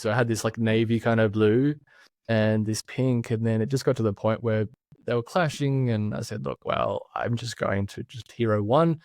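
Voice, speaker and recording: A man's voice: mid-range voice, a little mellow, no echo, clean studio sound. A man in his thirties with an Australian accent, chatting easily as an interview guest, chuckling and thinking aloud. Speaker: podcast guest, branding expert. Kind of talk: casual remote interview chat.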